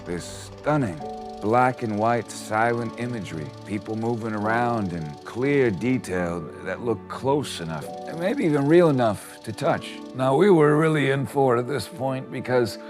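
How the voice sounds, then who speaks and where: A man plays a rambling old storyteller, low and dry in his telling. He spins tall tales with deadpan self-pity and has a mid-range voice. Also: moderate pace, music in the background, natural voice. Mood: reminiscing. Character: rambling old man Don recalling early cinema. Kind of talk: comedy sketch acting.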